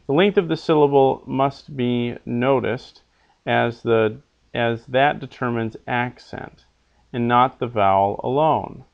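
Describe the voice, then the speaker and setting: Casting note: male teacher, gravelly voice, patient explainer, dull lo-fi recording. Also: mid-range voice. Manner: explains patiently, repeats example words slowly. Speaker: Latin teacher. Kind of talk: recorded online lesson.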